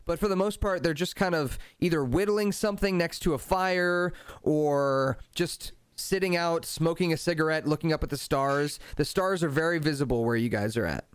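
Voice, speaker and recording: A man's voice: on the high side, moderate pace, hardly any pauses, clear, resonant tone, dry recording. A man narrating a tabletop game as game master, in an easygoing, descriptive way.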